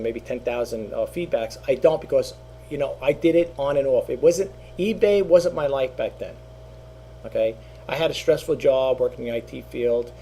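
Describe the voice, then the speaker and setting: A man's voice: medium pitch, vocal fry, warm tone, a little hiss or hum. A middle-aged man talking casually to his channel as an online reseller, rambling and repeating himself, with lots of fillers. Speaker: eBay reseller and YouTuber. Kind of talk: casual talking-head monologue.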